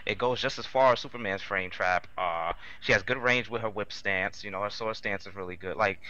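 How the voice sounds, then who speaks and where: Fast-talking man on a muffled line. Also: on the low side, bright, forceful tone. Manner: earnest, explains in detail. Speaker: guest player. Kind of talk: casual chat.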